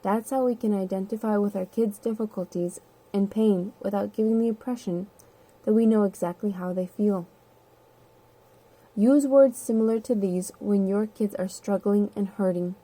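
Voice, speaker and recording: A woman reading a nonfiction book aloud in a steady, measured, earnest way. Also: mid-range voice. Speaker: audiobook reader. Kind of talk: nonfiction audiobook narration.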